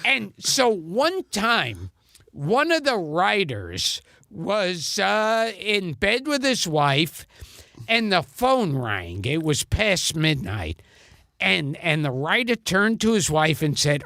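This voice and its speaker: A man's voice: sits high, big pitch swings, takes it slowly, creaky, bright, forceful tone, no echo, clean studio sound. A man telling comic show-business anecdotes in casual chat, stammering and restarting as he acts out quotes. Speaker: comedian guest.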